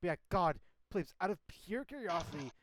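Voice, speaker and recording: A man playing a tabletop game, chatting in an excitable way and laughing often. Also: high-pitched, normal speed, a little hiss or hum. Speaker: player. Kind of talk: casual chat.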